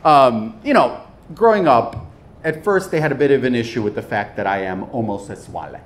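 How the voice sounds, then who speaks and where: A man's voice: medium pitch, very animated, moderate pace. A man doing stand-up comedy on a club stage, chatty and self-mocking, with playful asides. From USA, Chicago area. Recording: live club, loud crowd and noise.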